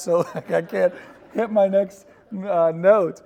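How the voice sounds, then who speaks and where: A man's voice: high voice, unhurried, gravelly, a little mellow. A man, a pastor, telling candid personal stories to a congregation in a casual, laughing way and putting questions to his co-pastor. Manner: candid storytelling with laughs, asks co-host questions. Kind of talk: conversational sermon talk. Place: large church sanctuary. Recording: church hall reverb.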